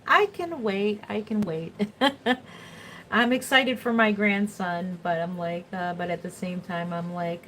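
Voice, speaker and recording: A woman's voice: lowish voice, fairly bright tone, slight background noise, poor audio. Chatty middle-aged woman on a livestream. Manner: chatty, rambling, laughs often. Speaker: reborn doll artist. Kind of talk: casual livestream chat.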